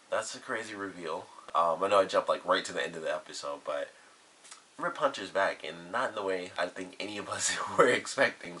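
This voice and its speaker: Low-voiced man rambling through a review. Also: a bit bright. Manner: rambling, filler-heavy, lots of 'like' and restarts. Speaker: TV episode reviewer. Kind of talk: casual spoken review.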